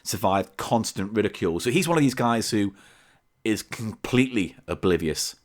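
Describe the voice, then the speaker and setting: A man's voice: fairly low pitch, normal speed. Guy on a comedy podcast reading from a book, voice goes up and down a lot, dry teasing jokes. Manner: reads aloud from a book, teasing and deadpan asides. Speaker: podcast co-host reading a story. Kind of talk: comic podcast banter.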